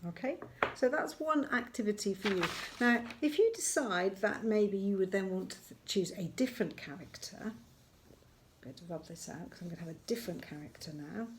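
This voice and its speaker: A woman teaching a recorded lesson to young children, gentle and encouraging, slowing down to spell out words as she writes them. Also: mid-range voice, animated, slight background noise. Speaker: primary school teacher.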